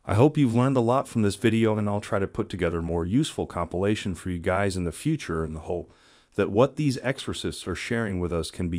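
A man with a very low voice reads a scripted narration plainly and earnestly. The sound is dry and close, with no room around it. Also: darkish tone, no echo. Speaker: channel narrator presenting clips.

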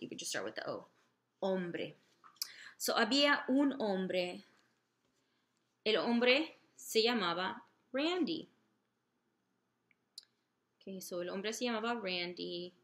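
Woman teacher, lowish bright voice, slow and deliberate, lots of fillers. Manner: models Spanish phrases slowly and carefully. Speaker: Spanish teacher. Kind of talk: slow, patient lesson.

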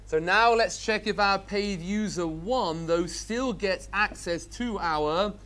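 In a slow, high, slightly bright voice, a male instructor runs a live coding lecture for his programming class. He's upbeat and enthusiastic, regularly putting questions to the students.

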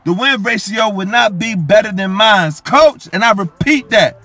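A man's voice: high-pitched, moderate pace, bright, forceful tone, soft background music. Hyped young man bragging over gameplay. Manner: hyped, boastful, repeats phrases ending in "coach" and "yo". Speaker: gaming YouTuber. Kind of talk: live gameplay commentary.

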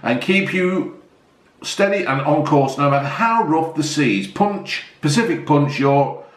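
A man's voice: fairly high pitch, animated, measured pace. A middle-aged man casually reviewing a drink, rambling and joking, calling his viewers folks. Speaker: product reviewer. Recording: echoey room.

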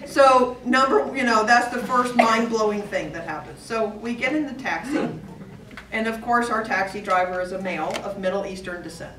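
A woman's voice: fairly high pitch, moderate pace. A middle-aged woman giving a humorous storytelling speech at a speaking club, acting out the dialogue and dropping to a whisper for her son's lines. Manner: acts out dialogue, drops to a whisper for her son. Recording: echoey room, distant mic, faint hiss.

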